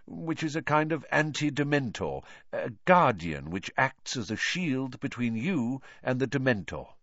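A man voicing a calm, thoughtful adult male teacher explaining carefully in an audiobook. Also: medium pitch, a little slow, dry recording, pitched above the performer's own voice, heavily acted. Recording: dull lo-fi.

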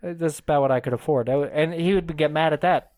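A man's voice: a little high, quick pace, a little mellow. A man co-hosting a casual comedy podcast, easygoing and agreeing along with his friend. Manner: laid-back, agreeable, echoes his partner. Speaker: podcast co-host.

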